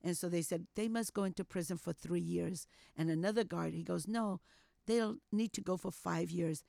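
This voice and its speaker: An older woman telling a personal story as an interview guest, animated, acting out what people said and sprinkling in "you know.". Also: fairly low pitch, moderate pace, creaky, no echo, clean studio sound. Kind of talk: storytelling testimony.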